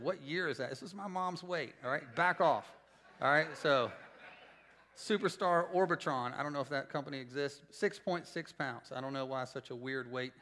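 A pastor preaching a sermon to a church congregation, animated and joking, with sudden loud bursts. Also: male voice, medium pitch. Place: church service before a congregation.

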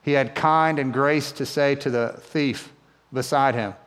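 Conversational pastor in a reverberant church hall. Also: male voice, medium pitch, fairly even intonation, unhurried, a bit bright. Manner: conversational, asks the congregation questions. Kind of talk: sermon.

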